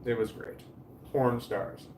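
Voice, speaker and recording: A man in his forties speaks slowly in a mid-range, slightly mellow voice with fairly even intonation while reading viewer comments on his home livestream. He rambles, trails off mid-sentence and swears casually. The recording is roomy, from a distant mic, with faint background noise.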